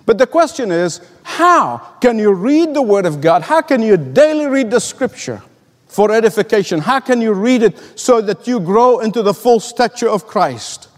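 A man's voice: sits high, sing-song, moderate pace, big-room sound. A middle-aged male pastor delivering a sermon, earnest and emphatic, telling stories and asking rhetorical questions.

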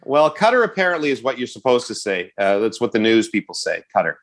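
A man from Canada in his fifties, co-hosting a podcast with joking, animated banter and stories. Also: medium pitch, fast talker. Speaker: podcast co-host. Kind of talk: casual chat.

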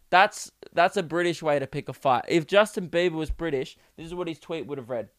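A young man hosting a comedy podcast, riffing in a profane, laughing, animated way. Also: fairly high pitch, brisk, few pauses, dry recording, clean studio sound. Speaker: podcast host. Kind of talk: solo comedy podcast rant.

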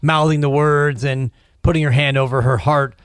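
A man's voice: mid-range voice, fairly even intonation, moderate pace, smooth, no echo. A man hosting a sports talk show, chatting casually and reading quotes aloud with dry asides.

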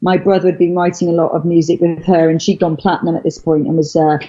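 A woman's voice: fairly low pitch, level tone, fast talker, warm tone, breathy edge. A middle-aged woman from Wales, a guest telling her story in casual chat, rambling with many fillers and restarts. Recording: dull lo-fi sound.

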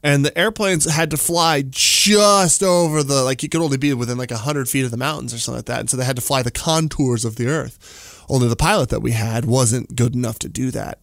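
A man's voice: medium pitch, vocal fry, dry recording. A man, telling a story casually in a studio, with lots of fillers and laughter. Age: 40s.

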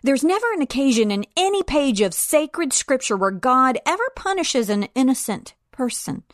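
A woman's voice: moderate pace, no room sound, studio quality. A woman teaching parents about scripture. She retells a story and acts out the voices of the people in it. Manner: acts out the students and professor with lively shifts of pitch.

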